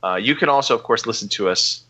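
A man's voice: medium pitch, fast, pushed and bright. A man hosting a casual gaming podcast, joking and rambling with many fillers. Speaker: podcast host. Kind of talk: casual chat.

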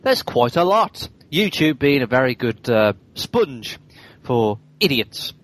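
A man's voice: medium pitch, sing-song, takes it slowly, fairly bright tone, poor audio. A man co-hosting a casual game podcast, talking chattily with jokey asides. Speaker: podcast co-host.

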